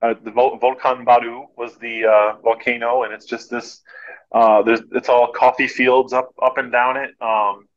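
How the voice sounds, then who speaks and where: A male podcast guest telling stories in a relaxed, casual way. He is animated and anecdotal, with a voice of ordinary pitch. His audio sounds a little muffled and lo-fi. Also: normal speed. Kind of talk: casual storytelling.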